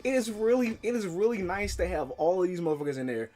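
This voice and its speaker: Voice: mid-range voice, animated, fast talker, mellow. A streamer chatting casually on a live stream, rambling and swearing playfully.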